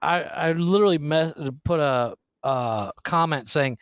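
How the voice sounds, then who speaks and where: Podcast co-host, man, lively rambling storyteller, slightly high voice, dry close sound. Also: unhurried, few pauses, clean tone, dry recording, dull audio. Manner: animated, laughing, rambling storyteller. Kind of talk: casual chat.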